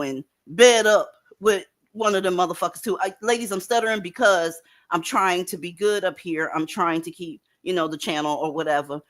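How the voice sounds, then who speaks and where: A woman's voice: on the low side, fairly bright tone. A woman hosting a casual commentary show, blunt and profane, lecturing viewers directly. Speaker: commentary host.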